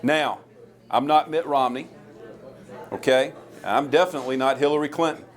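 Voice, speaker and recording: A man's voice: a little high, steady tone, normal speed. Southern man giving a folksy campaign speech. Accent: Southern American. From American South. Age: 40s. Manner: folksy, earnest storytelling with a crowd-rousing push. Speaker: presidential candidate.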